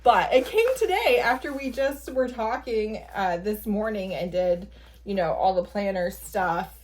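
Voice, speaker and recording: A woman casually vlogging at home, gushing excitedly and laughing often while unboxing a gift. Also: mid-range voice, a little slow. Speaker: book vlogger. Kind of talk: casual day-in-the-life vlog. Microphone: camera at an odd angle without tripod.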